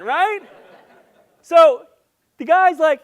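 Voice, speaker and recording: A man giving a live conference presentation, playful and jokey, with quick asides to the audience. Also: on the high side. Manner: grows loud and excited as he goes. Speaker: conference speaker.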